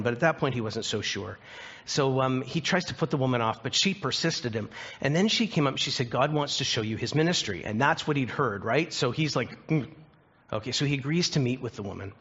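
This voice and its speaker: Husky-voiced man preaching a sermon. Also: medium pitch, fairly bright tone, highs cut off. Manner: earnest storytelling, slowing for emphasis. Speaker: pastor.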